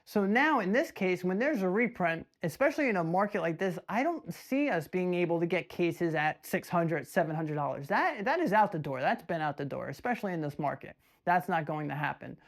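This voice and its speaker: An animated man talks casually to the camera in a vlog. He asks himself questions and answers them, and he stumbles into quick restarts as he rushes through his stories. His delivery stays loose and conversational. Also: high voice. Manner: animated, rhetorical, storytelling with many restarts. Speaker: trading card collector vlogger.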